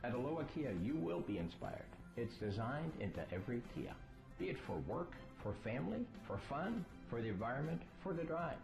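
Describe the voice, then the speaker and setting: A man voicing a car commercial with slow, dramatic, breathy phrasing. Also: mid-range voice, very animated. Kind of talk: car dealer commercial voice-over. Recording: echoey ad voice-over with music.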